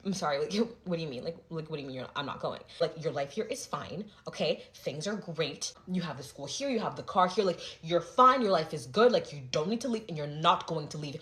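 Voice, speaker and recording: A young woman quoting a stern older male relative who firmly refuses to let her leave, in a flat, dismissive tone. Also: sits low, brisk, hardly any pauses, voice pushed down.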